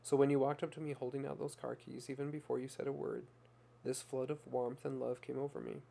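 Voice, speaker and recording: A man's voice: medium pitch, level tone, a little fast, gravelly, dark tone, slight background noise, natural voice. A man voicing a desperate young mother who pours out a raw, plain-spoken confession in a story reading. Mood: despairing.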